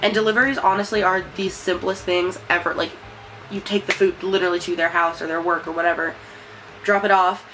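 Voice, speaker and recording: A woman's voice: fairly low pitch, little pitch movement, brisk, over music, poor audio. A young woman vlogging in a casual, rambling way, full of fillers and "like". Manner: chatty, rambling, many fillers and likes. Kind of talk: casual chat to camera.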